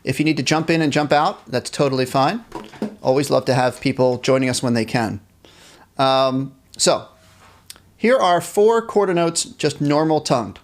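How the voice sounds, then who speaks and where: A man's voice: mid-range voice, expressive, moderate pace. A man teaching a live online band class, cheerfully reading chat questions aloud and encouraging students. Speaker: music teacher.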